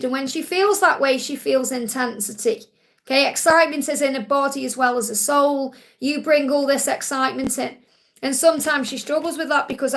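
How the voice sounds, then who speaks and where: A woman's voice: high voice, creaky, a bit bright. A woman hosting a live Q&A as a psychic reader, soothing and reassuring, repeating key phrases and often checking in with "okay?". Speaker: psychic reader answering viewer questions. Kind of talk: live-stream Q&A card reading.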